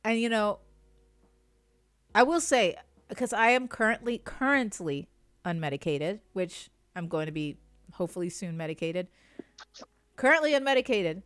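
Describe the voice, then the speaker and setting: A woman's voice: medium pitch, expressive, normal speed, long pauses, fairly bright tone, clean tone, dry recording. A woman co-hosting a livestreamed podcast, chatting casually, laughing often and swearing, with sentences that trail off. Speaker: podcast co-host. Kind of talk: casual chat. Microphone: streaming mic.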